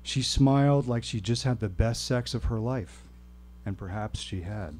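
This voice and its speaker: A man telling a personal story at a live reading, with wry, deadpan humor. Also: mid-range voice, a little slow, slight background noise. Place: stage at a live show.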